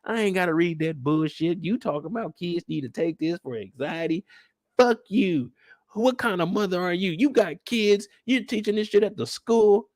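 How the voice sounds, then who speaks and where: A man voicing a furious, foul-mouthed middle-aged mother who yells and curses in shrill outrage. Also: expressive, a little fast, no echo, studio quality.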